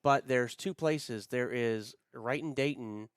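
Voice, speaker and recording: A man's voice: medium pitch, takes it slowly, clear, resonant tone, no room sound, clean studio sound. A middle-aged man co-hosting a podcast, telling travel stories in a casual, rambling way with lots of fillers. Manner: rambling, frequent fillers, friendly storytelling. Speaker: podcast co-host. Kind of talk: casual chat.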